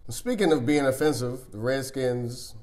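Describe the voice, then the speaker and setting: A man's voice: medium pitch, expressive, a little slow, darkish tone. A man co-hosting a podcast who teases his friends and laughs often. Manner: teasing, laughs a lot. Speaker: podcast co-host. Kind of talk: casual group chat.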